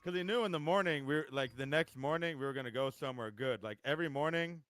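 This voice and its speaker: A man's voice: a little high, fast talker, fairly bright tone, clear, resonant tone, no echo. A man tells a funny story in casual chat while gaming, laughing often. He acts out his friend's replies. Faint game music plays behind him. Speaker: gaming streamer.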